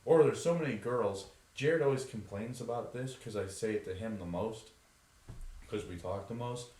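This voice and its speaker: A young man co-hosts a podcast, telling stories in an animated, casual way and slipping into the voices of the people he quotes. His voice sits fairly low. The room behind him is roomy and echoing. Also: normal speed. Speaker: podcast co-host. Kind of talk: casual storytelling. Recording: roomy echo.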